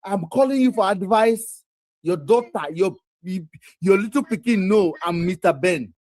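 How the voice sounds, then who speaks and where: A man's voice: high-pitched, lively intonation, unhurried, darkish tone, dry recording. A man with a Nigerian accent hosting a livestream talk, emphatic and given to repeating his phrases. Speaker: host.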